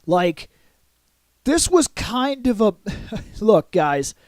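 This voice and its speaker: Excitable man reviewing comics, dry sound. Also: sits high, very slow, no room sound. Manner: excitable, adds sound effects and acts out quotes. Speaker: comic book vlogger.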